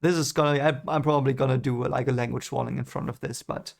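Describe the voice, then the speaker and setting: Brief: man, gravelly voice, emotional first-time reading reaction. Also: mid-range voice, fairly even intonation, fast. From Germany. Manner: emotional, reactive, swears and apologizes. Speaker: channel host reading a book aloud.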